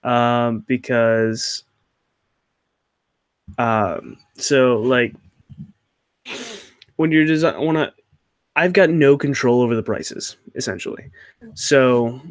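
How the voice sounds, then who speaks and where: A man's voice: mid-range voice, takes it slowly, pauses often, no room sound, studio quality. A young man hosting his channel, answering viewer questions in a rambling, hesitant way with many fillers and restarts. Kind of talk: casual Q&A chat.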